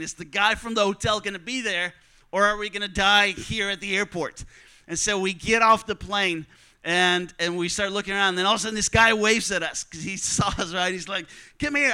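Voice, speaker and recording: Storyteller, male: high, clear voice, animated and joking, acts out dialogue. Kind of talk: personal travel story told to an audience.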